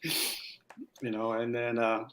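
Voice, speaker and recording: A man guest telling a casual, animated story with laughs, acting out what others said. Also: mid-range voice, extremely slow. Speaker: guest, former Marine sniper.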